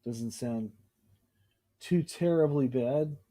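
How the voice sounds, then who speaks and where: A man's voice: medium pitch, slow pace, mellow. A man casually showing off his home recording gear in a rambling, easygoing way. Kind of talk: casual show-and-tell chat. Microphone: webcam.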